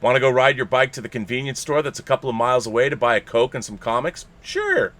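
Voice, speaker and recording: A male podcast host reads a listener's letter aloud in a playful, theatrical manner, laughing now and then. His voice sits at an ordinary middle pitch. It is the relaxed reading of a live-streamed show. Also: fast.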